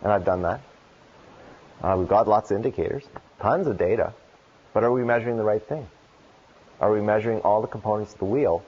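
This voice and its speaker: Earnest rambling man, husky lo-fi recording. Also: fairly low pitch, brisk, long pauses. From Canada. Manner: earnest, rambling, with restarts and rhetorical questions. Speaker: keynote speaker. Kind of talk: conference Q&A answer. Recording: dull lo-fi lecture recording.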